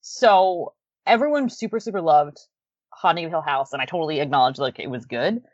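A woman in casual podcast chat, her pitch swinging widely as she talks, laughing often and leaning on lots of fillers. The sound is dry and slightly dull, like a lo-fi home recording. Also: animated, brisk, darkish tone, no room sound. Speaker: podcast co-host. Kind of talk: casual chat about a TV series.

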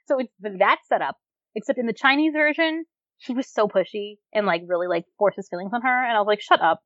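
A woman co-hosting a podcast in casual chat, animated, with lots of fillers and frequent laughter. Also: medium pitch, fast talker, no echo, lo-fi sound. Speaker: podcast co-host reviewing dramas.

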